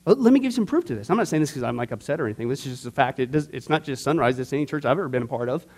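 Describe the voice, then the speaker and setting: A man teaching a church discipleship class in a conversational, animated way, joking with the class and acting out everyday people. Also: mid-range voice, racing. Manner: conversational, jokes with the class, acts out skeptics.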